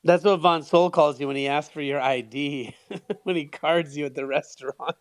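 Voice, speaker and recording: A man in a casual chat, giggly and quick with jokey asides. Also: fairly high pitch, fairly even intonation, no room sound.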